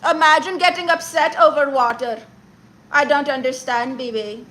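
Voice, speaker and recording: A woman's voice: high-pitched, steady tone, moderate pace, a bit bright. A woman playing a bossy male podcast host who mocks and lectures men about their hobbies on a comedy livestream. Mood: scolding. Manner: mocking, exasperated, lecturing.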